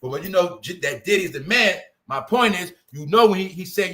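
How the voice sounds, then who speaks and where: High bright New man chatting. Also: normal speed, a little hiss or hum. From New York. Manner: animated, addresses audience as y'all, mimics voices. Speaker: commentary show host. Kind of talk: casual celebrity gossip commentary.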